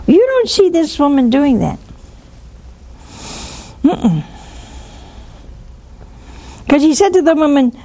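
An older woman giving spoken religious teaching on a call-in show, acting out little dialogues as she talks. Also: high voice. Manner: lively, acts out little dialogues. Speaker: nun hosting a call-in show.

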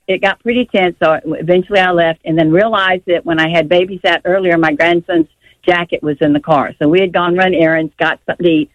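A woman's voice: on the low side, no echo. An older woman calling in to a radio show, telling her story in a rambling way full of restarts and rising emotion. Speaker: radio call-in caller. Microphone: phone line. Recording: dull, dry phone-line caller audio.

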